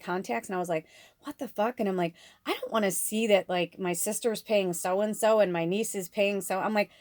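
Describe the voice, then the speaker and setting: A woman with a somewhat low voice talks in a loose, rambling vlog monologue, piling on fillers and restarts and swearing now and then. The sound is close and dry, with almost no room in it. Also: a little mellow, dry recording. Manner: rambling, effusive, frequent fillers and self-corrections; swears casually. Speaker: spiritual medium and oracle card reader.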